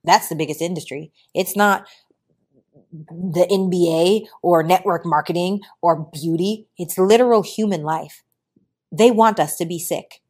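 Woman, podcast host; animated motivational talk that shifts from loud, emphatic preaching to quiet low asides. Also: measured pace. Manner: animated, preachy, talks to listeners as y'all.

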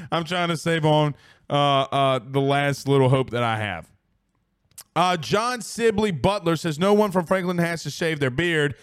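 A man hosting a casual sports show, reading out listener comments, excitable with frequent laughs and rambling restarts. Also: a little high, a little slow, clean tone.

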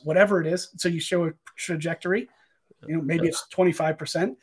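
A man with a high voice explains business matters in an easy, coaching manner. He lays out his points one step at a time. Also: steady tone, brisk, husky. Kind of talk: casual interview explanation.

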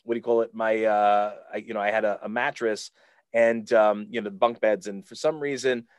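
A man's voice: lowish voice, steady tone, a little fast, clear, resonant tone, dry recording. A man, a podcast guest, telling a casual story full of fillers and restarts. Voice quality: rambling with many fillers.

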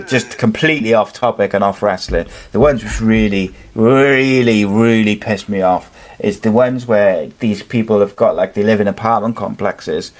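A man hosting a casual wrestling chat show, rambling and swearing freely. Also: on the low side. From United Kingdom. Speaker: podcast host.

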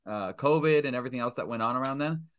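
A man from Massachusetts talks as a podcast guest with a forceful, bright tone. He rambles through his stories, swears freely and pokes fun at himself, and his pitch sits in a middle range. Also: quick pace, smooth. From Stoughton, Massachusetts. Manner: rambling, profane, self-mocking. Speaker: guest filmmaker. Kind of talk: casual podcast chat.

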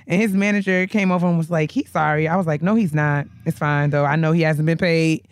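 Sassy man with a smooth voice. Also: a little high, level tone, fast talker, dry recording. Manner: sassy, dramatic, laughs often. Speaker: podcast co-host. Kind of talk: casual chat.

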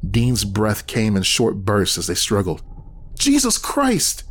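A man reading a horror story aloud in scripted first-person narration, tense and steady. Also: fairly low pitch, a little slow, a little hiss or hum.

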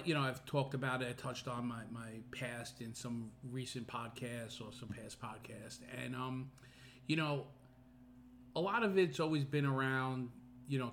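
A man's voice: medium pitch, normal speed, fairly bright tone, slight background noise. A middle-aged man hosting a podcast, talking earnestly in a casual personal monologue full of fillers and restarts. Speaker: podcast host.

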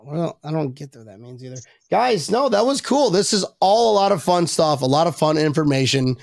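A gravelly-voiced man hosts a loose, rambling podcast conversation. He talks in a fairly high register and gets excitable, with sudden squeaky outbursts. The sound is close and dry. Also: brisk, no echo. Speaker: podcast host. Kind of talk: casual podcast chat.

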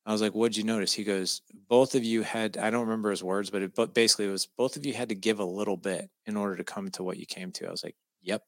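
A man's voice: fairly low pitch, fast talker, hardly any pauses, dry recording. A middle-aged man telling a personal story in casual conversation, acting out the voices of the people he quotes. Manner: animated, acts out quoted dialogue. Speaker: podcast guest.

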